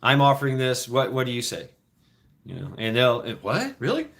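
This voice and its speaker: A man's voice: mid-range voice, huge pitch swings, normal speed, gravelly, a bit bright. A middle-aged man telling rambling, profane stories in a casual chat, with frequent restarts. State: foot injured, limping.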